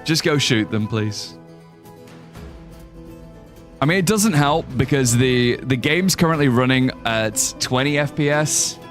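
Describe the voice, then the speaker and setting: A man's voice: mid-range voice, expressive, measured pace, long pauses, faint music behind. A young man chatting casually while he streams a game, rambling, joking and reading viewer messages aloud. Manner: chatty, rambling, reads chat aloud and jokes. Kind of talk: casual live-stream gameplay commentary.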